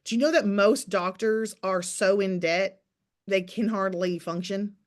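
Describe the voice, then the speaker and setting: A woman in her thirties coaching her accountability group on a call, talking fast and emphatically in a preachy, teasing pep talk. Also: medium pitch.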